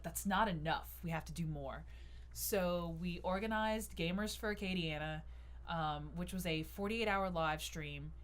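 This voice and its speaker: Lower-pitched woman telling a story. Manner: animated storyteller, acts out quotes. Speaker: guest, YouTube channel member. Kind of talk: casual chat.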